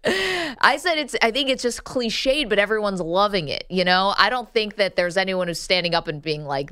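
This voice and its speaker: A woman co-hosting a sports radio show, her voice clear and smooth. She talks in quick, chatty runs and laughs easily. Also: medium pitch, bright, forceful tone. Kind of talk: casual sports talk.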